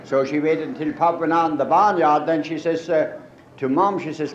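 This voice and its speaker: Folksy jokes and dry one-liners come from a Pennsylvania Dutch-accented stand-up comedian performing live on stage, his voice on the high side with a steady tone and normal speed. The sound is lo-fi: an old live recording in a spacious hall, with crowd and hiss.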